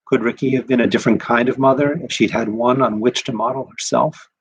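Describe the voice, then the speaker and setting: Husky-voiced man reading a story. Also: mid-range voice, steady tone, brisk, poor audio. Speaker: rabbi. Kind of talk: scripted narration of a short story.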